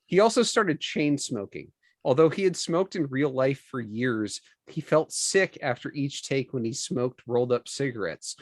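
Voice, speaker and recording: Guy on a film podcast, swings his pitch all over, dry close sound, swears a lot. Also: expressive, normal speed, no echo. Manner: enthusiastic, swears freely. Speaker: podcast co-host. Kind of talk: casual film-discussion chat.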